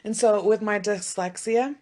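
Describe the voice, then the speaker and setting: A woman in her thirties co-hosting a podcast, telling stories in a casual chat with animated swings from loud outbursts to hushed asides and plenty of swearing. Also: mid-range voice, unhurried. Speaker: podcast co-host.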